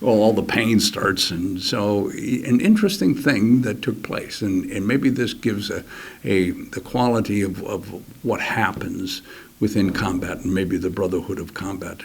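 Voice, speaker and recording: Older guy telling a war story, kinda husky low voice, stops and restarts a lot, gets quiet sometimes. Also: lively intonation. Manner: halting, many restarts, drops to a near whisper at key moments; acts out other soldiers' words in quick quoted voices. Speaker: interview guest. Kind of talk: personal war story told in an interview.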